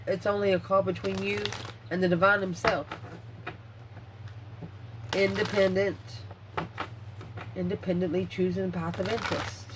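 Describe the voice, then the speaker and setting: A woman's voice: medium pitch, little pitch movement, moderate pace, pauses often, noisy background. Blunt, breathless woman reading tarot. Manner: blunt, swears freely, muses aloud over the cards. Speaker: tarot reader.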